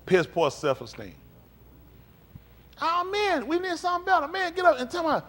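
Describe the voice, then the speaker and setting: In a live-streamed sermon, a very high-voiced man speaks at a moderate pace, leaving long pauses. He preaches emphatically and conversationally, prompting call-and-response, his animated delivery rising and falling between quiet and loud.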